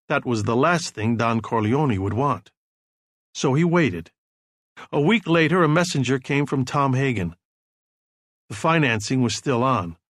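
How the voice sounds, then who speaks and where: A male audiobook narrator reads a crime novel at a steady, measured pace. His pitch sits in the middle range, and the recording is dry and close, with no room echo. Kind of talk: scripted narration.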